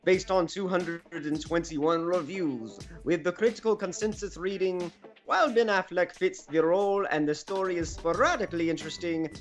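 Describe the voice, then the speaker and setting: A man's voice: sits high, moderate pace, faint music behind, close to an everyday voice. A man voicing a stats reader in a wandering mock Greek accent that drifts across Europe. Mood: hammy. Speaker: guest.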